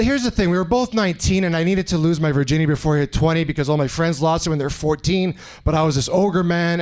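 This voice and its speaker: A man in his forties from Canada doing a stand-up set on a club stage, telling stories animatedly and acting out other people's voices. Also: on the high side. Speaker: stand-up comedian. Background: audience laughter.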